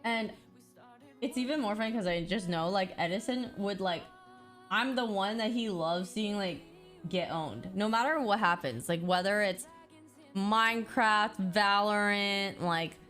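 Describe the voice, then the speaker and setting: A woman telling a funny story in casual chat, animated and laughing, with lots of filler words. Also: mid-range voice, measured pace, soft background music.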